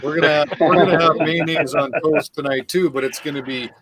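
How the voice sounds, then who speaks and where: A man's voice: a little high, fairly even intonation, fairly quick, a loud crowd. A man guesting on a live stream, trading teasing jokes in casual banter. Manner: teasing, laughs at his own jokes. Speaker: guest on livestream.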